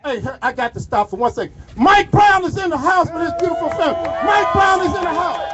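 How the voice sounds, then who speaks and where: A man giving a fiery shouted speech to a crowd at an outdoor protest march, calling out to them like a preacher. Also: extremely high pitch, lively intonation, fast, background noise. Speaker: rally speaker. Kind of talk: shouted street rally speech. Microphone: phone recording from the crowd. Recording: muffled phone recording outdoors.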